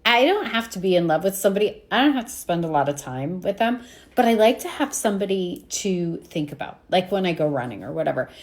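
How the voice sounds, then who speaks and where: Lively, chatty woman venting. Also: lowish voice, fairly quick. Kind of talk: confessional vlog chat.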